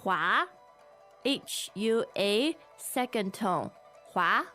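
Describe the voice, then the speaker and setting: A woman, Mandarin her first language, co-hosts a language lesson and models Chinese phrases by repeating them. Her speech is slow and unhurried, her pitch a touch high and lively. Faint music plays underneath. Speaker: Mandarin teacher co-host.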